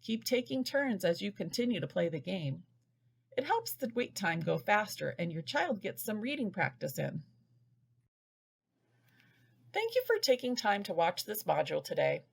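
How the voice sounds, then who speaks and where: A woman giving a scripted lesson to parents, patiently sounding out words slowly. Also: mid-range voice, sing-song, gravelly, slightly rough. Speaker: early reading instructor. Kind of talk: scripted instructional narration.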